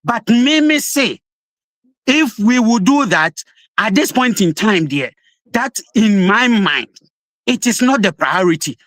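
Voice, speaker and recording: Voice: medium pitch, expressive, slow pace, fairly bright tone, no room sound. Insistent Ghanaian-accented opposition spokesperson. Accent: Ghanaian English. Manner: insistent, emphatic, code-switching mid-sentence. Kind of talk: heated political debate.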